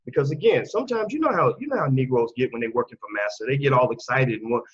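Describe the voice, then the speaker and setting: A man hosting his own channel, talking in a combative, animated commentary monologue. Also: mid-range voice, fast, breathy edge, muffled recording. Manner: animated and combative, acts out quoted voices. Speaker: channel host.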